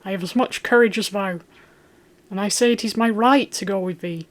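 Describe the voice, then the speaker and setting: A proud young lord's son who bristles at every slight, as an audiobook reader puts him on. His voice rises and grows louder when he protests. He sounds young and touchy. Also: medium pitch, moderate pace, close to an everyday voice. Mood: indignant. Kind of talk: audiobook character voice.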